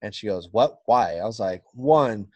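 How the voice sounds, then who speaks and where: As a podcast guest, a man tells a casual story, swearing freely and acting out the quotes. His fairly low voice is expressive and a little mellow, at a moderate pace.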